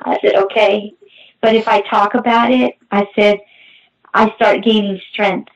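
A middle-aged woman giving a halting, emotional personal testimony as a guest, with many restarts. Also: medium pitch, level tone. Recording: muffled distant mic.

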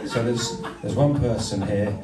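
A man's voice: on the low side, a little slow, very noisy. A male comedian doing crowd work, teasing audience members in a playful, mock-formal way. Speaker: stand-up comedian. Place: comedy venue with live audience. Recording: echoey room, distant mic, loud crowd.

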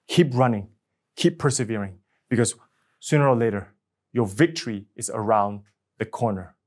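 A young male pastor delivers a sermon in a church. His voice sits at an ordinary middle pitch, and he acts out the people in his stories, rising into animated bursts and then dropping to hushed, earnest lines. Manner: acts out biblical figures with rising and falling intensity.

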